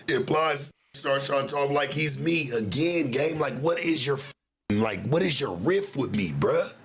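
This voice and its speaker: A man ranting on his livestream in confrontational street slang, calling out rivals directly. His voice sits at an ordinary middle pitch, with a faint hum of noise in the background. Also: fairly bright tone. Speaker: livestream host. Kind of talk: livestream rant.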